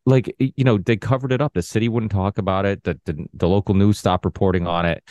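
A man's voice: on the low side, fairly even intonation, quick pace, darkish tone, no room sound. A man guesting on a podcast, chatting casually in a loose, self-correcting way. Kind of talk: casual conversation.

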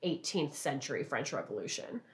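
A woman's voice: very deep voice, very animated, moderate pace. A woman in casual chat, agreeable and thoughtful, laughing easily.

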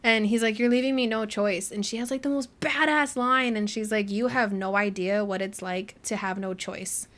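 A woman co-hosting a casual book club podcast, retelling scenes in an animated way and acting out the characters' lines. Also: medium pitch, normal speed, hardly any pauses. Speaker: podcast co-host.

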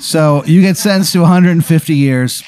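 A man's voice: fairly high pitch, moderate pace, darkish tone, smooth, no room sound. A man hosting a podcast, improvising a comic story in a rambling, profane way, full of fillers. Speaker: podcast host.

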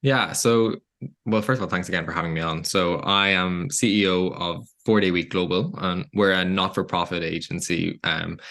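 A man with a Dublin Irish accent, a CEO being interviewed, explaining in a measured way with some hesitation. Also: sits low, a bit bright. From Ireland. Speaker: guest, CEO of a nonprofit. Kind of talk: interview answers.

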